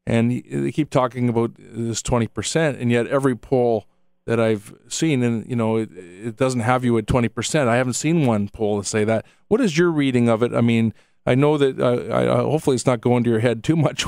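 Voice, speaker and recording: A man's voice: medium pitch, gravelly, a little mellow, no echo, studio quality. A man hosting a radio interview, asking meandering, hesitant questions full of fillers. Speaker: radio host. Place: radio studio. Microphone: studio microphone.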